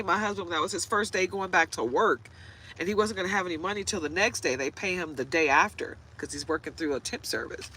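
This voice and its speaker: Woman reader, casual talker, tells stories with laughs, voice bright and sharp, light hum of noise. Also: sits low, rough recording. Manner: chatty storyteller, laughs often, gets choked up. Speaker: tarot reader. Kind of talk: casual chat to camera. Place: inside a parked truck.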